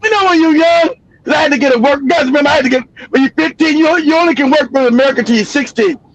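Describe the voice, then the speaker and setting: A man's voice: extremely high pitch, racing, highs cut off, a little hiss or hum. A middle-aged man giving heated, profane commentary on a livestream, swearing freely and laughing at his own jokes.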